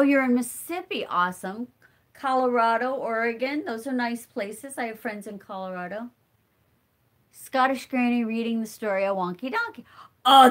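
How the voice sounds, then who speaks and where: A middle-aged woman with a stuffy nose and a fairly high, slightly bright voice hosts a casual live stream for her homesteading channel. She chats and answers viewer comments as they arrive.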